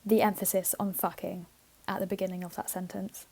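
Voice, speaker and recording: A woman co-hosting a podcast reads a list aloud fairly quickly in a medium-pitched, mellow voice with flat delivery. Her manner is giggly and playful, and she swears freely throughout the casual chat.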